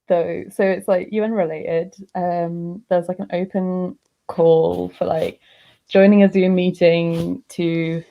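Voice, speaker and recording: A woman on a video call, guest on a podcast, telling an anecdote in animated, giggly casual chat. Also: on the low side.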